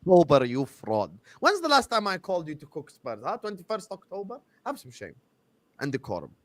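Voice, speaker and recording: A man's voice: high-pitched, huge pitch swings, a little fast, no room sound. A man hosting a football panel, playful and mock-scolding, dropping in Arabic slang. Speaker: host.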